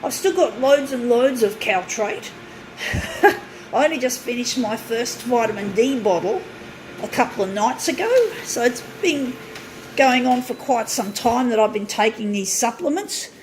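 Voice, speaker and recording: A woman's voice: on the high side, a little slow, slight background noise. A woman vlogging from her small home unit, ranting angrily with lots of swearing and stop-start restarts. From southern hemisphere. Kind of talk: casual ranting monologue.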